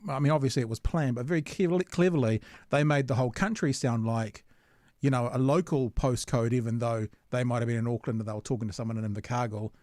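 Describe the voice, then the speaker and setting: A man interviews a guest in casual chat, circling around his questions with restarts. His voice sits at a middle pitch and sounds dry and close to the mic. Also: fast, a little mellow, no echo. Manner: rambling, searching questions with restarts. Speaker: podcast host, interviewer.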